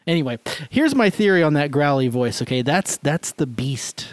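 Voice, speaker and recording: A man's voice: fairly high pitch, very animated, moderate pace, no echo. A man co-hosting a music podcast, sharing eager, rambling theories about songs. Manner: enthusiastic, rambling, laughs often. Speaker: podcast co-host. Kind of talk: casual chat about music.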